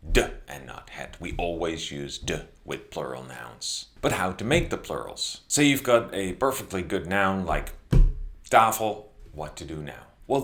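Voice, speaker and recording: Deep-voiced teacher, slow examples. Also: male voice, a bit bright. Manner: patient, slows down to spell out example words. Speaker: Dutch language teacher. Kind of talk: beginner grammar lesson.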